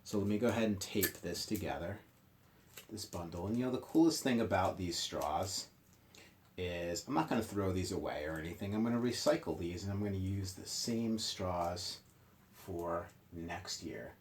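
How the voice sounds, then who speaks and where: A man's voice: low-pitched, normal speed. A male teacher leading a morning meeting lesson for young children, explaining step by step in a patient, friendly, playful way.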